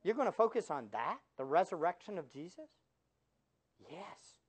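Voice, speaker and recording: A man pastor preaching a sermon, animated, firing rhetorical questions at the congregation and dropping sarcastic asides. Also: high voice, fast.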